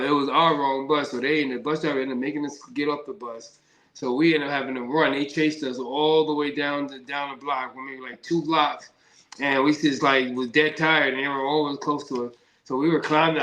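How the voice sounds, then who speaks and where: A man's voice: fairly high pitch, fairly bright tone, echoey room, rough recording. A man, a professional boxer, telling stories loosely in a casual interview and often saying "man".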